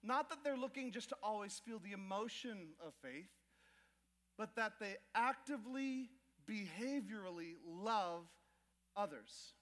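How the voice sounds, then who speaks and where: A man preaching a sermon from the pulpit, his voice sitting unusually high. He tells stories by acting out little scenes and tosses jokes at the congregation. The sound rings with the long reverb of a large church hall. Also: a little slow. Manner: animated storytelling with acted asides to the crowd. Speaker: pastor. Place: church auditorium.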